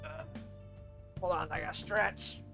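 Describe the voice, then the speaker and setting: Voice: medium pitch, sing-song, a little slow, creaky, sharp tone, faint music behind. A streamer in their thirties chatting casually and rambling while playing a video game. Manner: chatty, self-amused, rambling.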